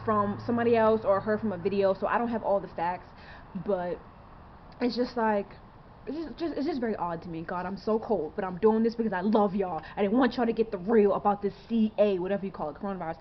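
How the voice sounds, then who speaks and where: A woman's voice: fairly high pitch, dull audio, slight background noise. A woman in her twenties talking straight to camera in a rambling, earnest way, full of fillers and rhetorical questions. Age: 20s. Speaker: vlogger. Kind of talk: casual to-camera monologue.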